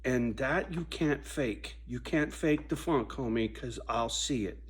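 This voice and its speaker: A man in a profane casual monologue, swinging from a loud, preachy rant to low muttering. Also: measured pace, breathy edge. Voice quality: swears constantly, preachy and intense. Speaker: vlogger.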